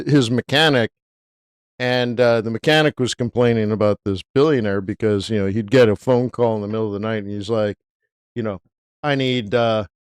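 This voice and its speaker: A middle-aged man hosts a forex trading livestream, telling a long story in a relaxed, rambling way, peppered with "dude" and "right?". His mid-range voice is smooth, recorded with studio quality and no echo.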